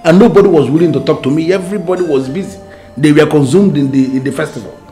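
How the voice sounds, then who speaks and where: A man's voice: on the high side, fast, dark tone, soft background music, close to an everyday voice. An actor with a Nigerian accent playing a brother who insistently urges a sick man to take medicine. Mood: coaxing. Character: pushy younger brother and uncle.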